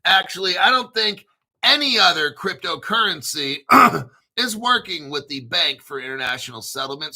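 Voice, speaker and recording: A middle-aged man reads a news article aloud for his crypto channel in an unhurried, drawn-out delivery. His voice sits high and sounds sharp and bright. He keeps breaking off into excited, profane jokes and answers his own remarks. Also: gravelly. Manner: excitable, profane, jokes and talks back to himself. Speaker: crypto commentary host. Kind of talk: casual solo commentary reading an article aloud.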